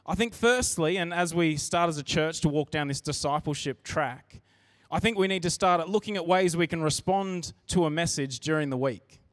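Guy preaching at church, kinda high voice, dry close sound, chatty and earnest, restarts a lot. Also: moderate pace, few pauses, no room sound. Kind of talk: sermon.

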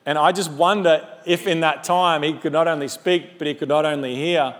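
A male pastor delivers a sermon in a high voice, talking to the congregation like friends and slipping in humorous asides. His words trail off into the long reverb of a large church auditorium. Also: a little fast, hardly any pauses. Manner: animated conversational preaching with humorous asides.

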